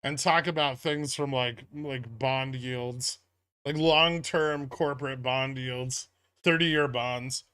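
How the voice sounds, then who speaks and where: A man hosting a casual stock-market livestream, reading viewer chat aloud and answering in a relaxed, rambling way. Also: medium pitch, takes it slowly, smooth, dry recording.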